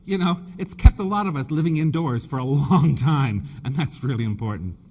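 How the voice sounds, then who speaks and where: A man's voice: on the high side, expressive, normal speed, dark tone. A Canadian man with a slight British lilt, giving a chatty, joking live floral design demonstration to an audience. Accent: Canadian with a British touch. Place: large exhibition hall. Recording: long hall reverb.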